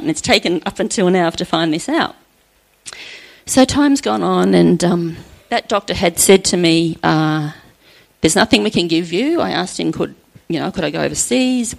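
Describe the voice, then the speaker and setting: A middle-aged woman speaking to her church in a gravelly, lower-pitched voice. She tells her story earnestly and chattily, often laughing softly as she goes. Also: poor audio. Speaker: church member sharing a testimony. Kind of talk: personal faith testimony.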